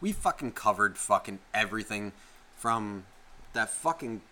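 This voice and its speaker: A man co-hosting a podcast, ranting with constant swearing and sudden loud outbursts. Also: on the low side, expressive, unhurried. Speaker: podcast co-host. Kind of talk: casual podcast rant.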